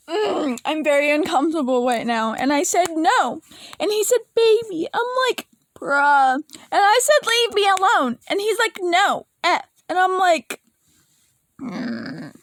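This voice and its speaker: In an emotional vlog rant, a woman meanders along, dropping casual curses and veering between laughter and near tears. Her voice is extremely high and lively in intonation, slow and a bit bright, on a dry recording.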